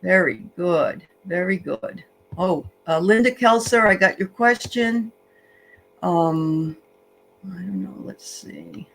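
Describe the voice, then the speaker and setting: A woman's voice: lowish voice, slow, a little hiss or hum, low-quality recording. A woman co-hosting a casual livestream, greeting viewers by name in a chatty way with frequent fillers. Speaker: livestream co-host.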